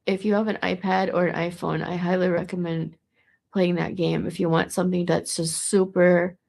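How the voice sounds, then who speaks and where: A woman's voice: fairly low pitch, little pitch movement, normal speed, vocal fry, a little mellow. A woman talking in a casual, meandering monologue to the camera, restarting and repeating words as she goes. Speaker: vlogger.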